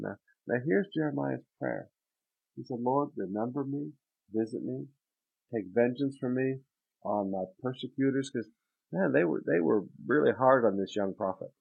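A man's voice: medium pitch, moderate pace, vocal fry, husky. A man preaching a sermon as a pastor, reading scripture aloud and then expounding it emphatically. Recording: tinny phone-like sound.

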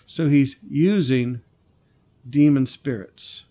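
A man's voice: mid-range voice, takes it slowly, mellow. A man preaching a sermon, reading scripture and then commenting emphatically, repeating key points. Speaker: pastor.

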